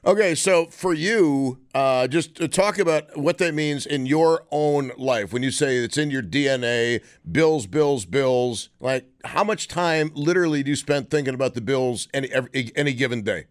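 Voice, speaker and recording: A man's voice: mid-range voice, moderate pace, hardly any pauses. Wry man hosting call-in radio. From Western New York. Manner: wry, sarcastic banter. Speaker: radio talk show host.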